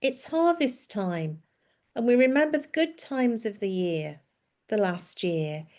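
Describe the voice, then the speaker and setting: A woman narrator voicing a kindly, knowing French village woman who speaks in a friendly, gently instructive way, in a storybook reading. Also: fairly high pitch, expressive, slow. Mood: warm.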